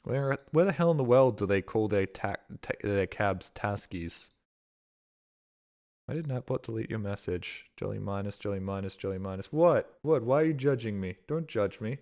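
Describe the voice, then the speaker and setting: A man's voice: mid-range voice, animated, moderate pace, darkish tone. A male streamer giving casual gaming commentary, thinking aloud, swearing freely and bragging.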